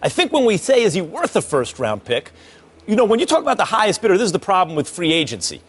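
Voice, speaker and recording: A man's voice: sits high, huge pitch swings, fast, a bit bright, slightly rough. A man on a sports debate panel who breaks down arguments point by point.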